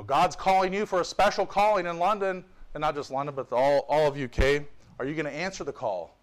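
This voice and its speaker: Fervent preaching man, slightly high. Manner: fervent preaching with joking asides. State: tired. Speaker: visiting pastor. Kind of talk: sermon.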